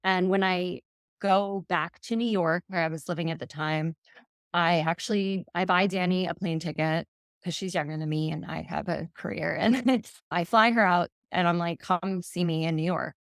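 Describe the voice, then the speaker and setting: A woman's voice: fairly low pitch, fairly even intonation, moderate pace, dry recording, clean studio sound. A woman in her thirties, a podcast guest, earnestly retelling a personal story and quoting messages aloud.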